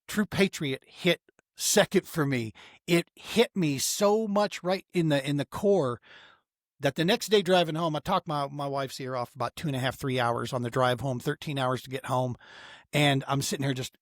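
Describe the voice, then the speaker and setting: A man's voice: mid-range voice, normal speed, no echo, studio quality. Earnest middle-aged man telling a story. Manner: earnest and emotional, many "man" and restarts. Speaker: podcast guest, outdoor therapy founder. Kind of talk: casual storytelling in a podcast interview.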